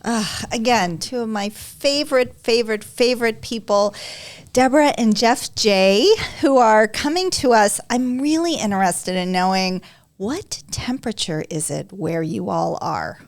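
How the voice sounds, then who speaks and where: A woman's voice: mid-range voice, unhurried. A woman co-hosting a podcast in casual conversation, effusive and enthusiastic. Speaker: podcast co-host.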